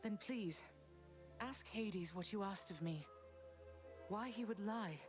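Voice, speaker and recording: A woman voicing a gentle, sorrowful goddess mother in a video game, speaking tenderly to her son. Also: medium pitch, slow pace, over music, close to an everyday voice. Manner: tender, wistful.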